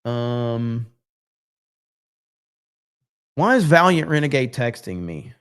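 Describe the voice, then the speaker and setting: A man's voice: mid-range voice, very animated, slow, fairly bright tone, clear, resonant tone. A man hosting a livestream, chatting casually and reading out viewer comments in a loose, profane, rambling way. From United States. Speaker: livestream host.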